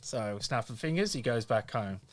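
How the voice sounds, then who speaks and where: A man's voice: medium pitch, lively intonation, moderate pace, slight background noise. A man podcast co-host telling a joke in casual chat, laughing as he goes. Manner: laughs while joking.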